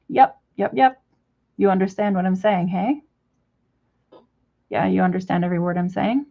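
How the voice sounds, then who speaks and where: A woman's voice: medium pitch, brisk, dull audio. A woman chatting casually to her pet bird in cooing baby talk, swearing now and then. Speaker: vlogger.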